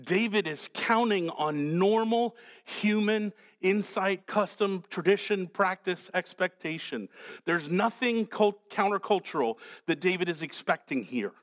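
A man's voice: sits high, expressive, a little slow, fairly bright tone. A male pastor preaching a sermon in a dramatic, questioning way, acting out the characters.

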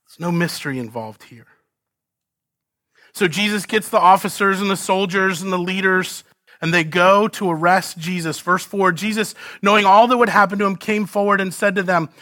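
A man preaching an expository sermon, asking rhetorical questions and swinging between loud emphasis and hushed lines. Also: high-pitched, dry recording, clean studio sound. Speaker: pastor.

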